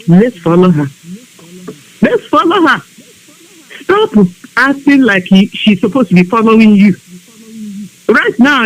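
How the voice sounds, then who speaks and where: Her voice mid-range and the recording low quality, a women's group member from the Biafra region of Nigeria speaks emotionally to the group over a live online broadcast. She swings between begging them and scolding them in a fervent appeal.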